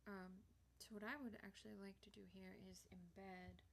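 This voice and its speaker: A woman hosting a software tutorial, chatting casually as she clicks through features on screen. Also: medium pitch, little pitch movement, normal speed, creaky, slight background noise. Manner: casual, chatty walkthrough with fillers.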